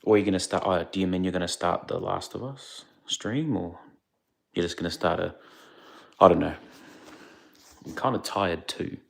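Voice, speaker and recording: A young man keeps his very low voice hushed and gravelly. He is chatting casually on a livestream into a phone. He speaks quietly because others nearby are sleeping. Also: normal speed, long pauses. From India. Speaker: streamer. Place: indoors away from home, others asleep.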